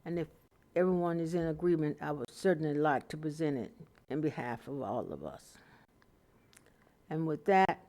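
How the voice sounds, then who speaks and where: A woman council member giving earnest, somewhat halting remarks at a public meeting. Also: low-pitched, dark tone.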